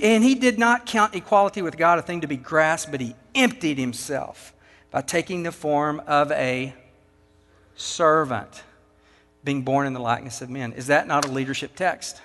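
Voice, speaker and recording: Emphatic Texan preacher in a big hall. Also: male voice, fairly high pitch, normal speed, a bit bright. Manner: emphatic, rhetorical questions to the audience. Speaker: pastor. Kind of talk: sermon. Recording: long hall reverb.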